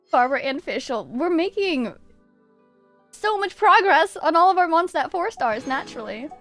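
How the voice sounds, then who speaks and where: Very high-voiced excitable woman streamer. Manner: excitable, squealing, gushing, laughs often. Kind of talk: gameplay livestream commentary.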